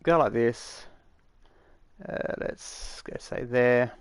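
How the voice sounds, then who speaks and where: A man of middle pitch talks through a tutorial in a loose, rambling way, full of fillers and restarts. His tone stays matter-of-fact. The sound is dry and close, with no room around it. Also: extremely slow, clear, resonant tone, dry recording. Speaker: game tutorial maker. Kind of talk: casual screen-recorded tutorial.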